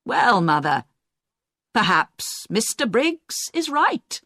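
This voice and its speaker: A woman's voice: a little high, very animated, slow, fairly bright tone, dry recording, clean studio sound, voice pushed up, exaggerated voice. A woman reading a storybook part, voicing a grown son who talks to his mother in a patient, coaxing way.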